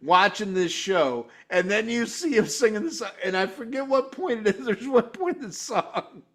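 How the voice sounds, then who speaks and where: High-voiced man ranting. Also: sing-song, normal speed. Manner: swears constantly, exasperated; mimics singers and guitars in loud mocking voices. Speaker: show host reviewing a concert. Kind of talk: profane ranting commentary.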